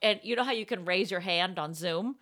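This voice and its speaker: A woman co-hosting a comedic casual chat, an animated storyteller who laughs often. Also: fairly low pitch, a little fast.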